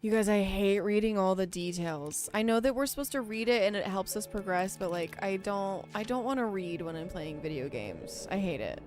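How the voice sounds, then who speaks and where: A woman's voice: mid-range voice, expressive, normal speed. A woman live-streaming a game in chatty, giggly commentary, swearing freely. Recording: faint music behind.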